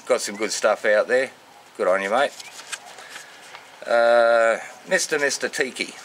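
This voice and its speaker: A man with an Australian accent giving casual, unscripted shout-outs in a matey, rambling way full of slang. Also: medium pitch, a little slow, slight background noise. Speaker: vlogger.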